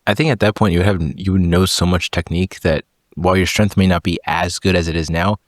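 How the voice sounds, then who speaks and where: A man's voice: low voice, steady tone, quick pace, dry recording, studio quality. A man hosting a podcast, chatting casually and teasing his guest. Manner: joking, teasing interjections. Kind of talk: casual conversation.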